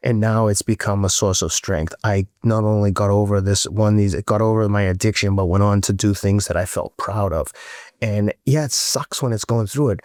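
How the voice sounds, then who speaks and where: Blunt, low-voiced middle-aged man. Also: a little mellow, dry recording, clean studio sound. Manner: blunt and frank, swears freely; earnest storytelling with rising emotion. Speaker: podcast guest. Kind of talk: candid casual interview talk.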